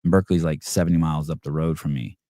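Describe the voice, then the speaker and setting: Deep-voiced man rambling through a casual story. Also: fairly even intonation, very fast, dark tone, no room sound. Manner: rambling and conversational, swears casually, many fillers and restarts. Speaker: podcast host.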